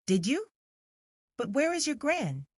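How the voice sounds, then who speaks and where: Woman playing a high-pitched, imperious young lady in a dry audiobook read, peremptory but sugar-sweet with a child. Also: big pitch swings, a little slow, no echo. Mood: playful. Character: haughty young upper-class lady, quick-tempered.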